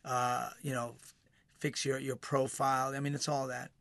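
Bright-voiced animated man chatting. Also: medium pitch, dry recording. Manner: animated, quick, repeats words. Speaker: guest actor. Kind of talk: casual interview chat.

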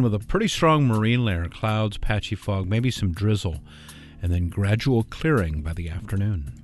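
Easygoing low-voiced radio announcer. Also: male voice. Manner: easygoing, conversational.

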